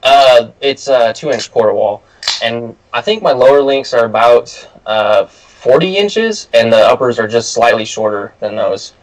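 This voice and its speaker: A man's voice: medium pitch, expressive, unhurried, low-quality recording. Hesitant man explaining in casual chat. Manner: hesitant, explains with many uhs. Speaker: guest truck builder.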